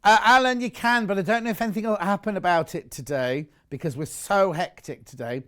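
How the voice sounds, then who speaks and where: A man's voice: high voice, a little fast, a bit bright, smooth. A man presenting live shopping television, chatting and bantering with his co-workers. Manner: chatty, bantering, chuckling asides.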